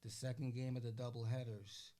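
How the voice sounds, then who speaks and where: An older man, a guest on a podcast, telling stories in a casual, animated way. He acts out the voices of the people he quotes and keeps asking "you know what I'm saying?". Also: mid-range voice, brisk. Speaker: interview guest. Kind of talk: casual storytelling.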